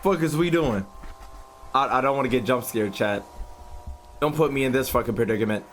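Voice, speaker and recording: A man's voice: medium pitch, brisk, fairly bright tone, a little hiss or hum. A young man streaming a live reaction. He talks to his chat with plenty of profanity and yelps when something startles him.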